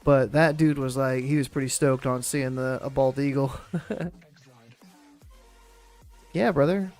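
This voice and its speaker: A man's voice: mid-range voice, flat delivery, normal speed, a little mellow, faint music behind. A man streaming a game and chatting casually, rambling and laid-back, swearing freely and laughing often. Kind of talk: casual chat while gaming.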